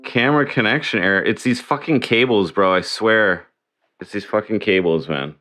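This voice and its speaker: A man's voice: fairly low pitch, expressive, normal speed, fairly bright tone, faint music behind. A man hosting a casual livestream, swearing and grumbling as he fixes his setup. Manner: swearing, grumbling over tech trouble. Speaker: livestream host.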